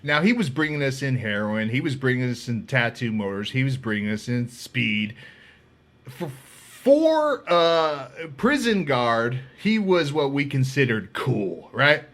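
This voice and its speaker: A man hosting a podcast, casually telling a story, animated and profane, acting out the voices of people he quotes. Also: mid-range voice, unhurried. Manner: animated, swears freely, acts out quoted voices. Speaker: podcast host.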